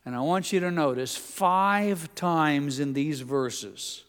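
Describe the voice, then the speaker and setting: A man's voice: a little high, slow, a bit bright, smooth. A middle-aged man preaching a sermon, telling folksy stories with asides and restarts. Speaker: pastor. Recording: long reverb of a large hall.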